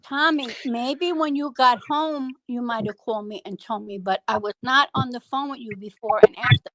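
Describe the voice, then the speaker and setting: Insistent high-voiced woman defending herself. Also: normal speed, a bit bright, a little hiss or hum, rough recording. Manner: insistent, demands to finish speaking. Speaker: panel member. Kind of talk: heated argument on an online voice panel.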